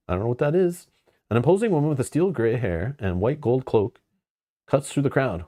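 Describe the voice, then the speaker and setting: A man's voice: mid-range voice, animated, fairly quick, mellow, dry recording. A man hosting a live card game playthrough, reading campaign text aloud and chatting casually with lots of fillers. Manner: casual, loose, many fillers. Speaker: host.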